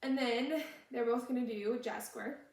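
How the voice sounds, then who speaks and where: A woman's voice: a little high, normal speed, darkish tone. A young woman teaching a dance routine step by step, patiently explaining each move while she demonstrates. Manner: patient, explains moves while demonstrating, sometimes hums the tune. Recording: echoey room, voice from far off the mic.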